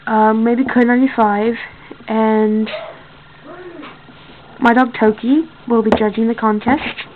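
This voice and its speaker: A fairly high-voiced woman hosts a homemade contest video and rambles along, stopping to correct herself and filling gaps with ums. The sound is thin and tinny, with a faint hiss underneath. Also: steady tone, takes it slowly. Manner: rambling, with many fillers and self-corrections. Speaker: contest host. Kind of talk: casual home video.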